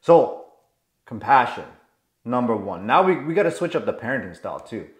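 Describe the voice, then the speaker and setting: A man's voice: medium pitch, big pitch swings, normal speed. A man coaching listeners in a motivational self-help talk, earnest and explaining, acting out inner voices. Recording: roomy echo.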